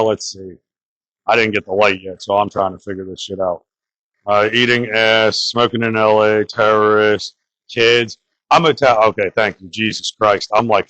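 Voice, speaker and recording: A man's voice: medium pitch, a bit bright, low-quality recording. A young man from the Bronx doing crude, rambling open-mic stand-up and talking to the crowd. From New York (the Bronx). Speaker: stand-up comedian.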